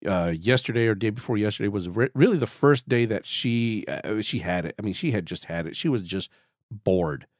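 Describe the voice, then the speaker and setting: A man in his forties hosting a casual podcast, with a raspy throat, talking in a chatty way, repeating words and cracking small jokes about himself. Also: lowish voice, moderate pace, no echo, studio quality. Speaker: podcast host.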